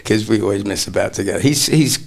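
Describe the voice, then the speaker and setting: Gravelly older male comedian. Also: fairly low pitch, quick pace. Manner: rambling anecdotal storyteller, slips into impressions. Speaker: comedian guest. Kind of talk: casual interview chat.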